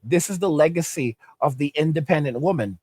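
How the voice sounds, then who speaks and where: A man's voice: fairly high pitch, expressive, brisk, darkish tone, slightly rough, no echo. A man hosting his own channel, delivering an emphatic, repetitive opinion rant and often checking in with "okay?". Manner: emphatic, repetitive, tag questions. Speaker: channel host.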